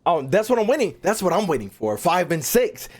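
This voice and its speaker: A man's voice: high-pitched, sing-song, brisk. A young man, a gaming YouTuber, ranting casually and animatedly, swearing and repeating himself as he ranks game regions.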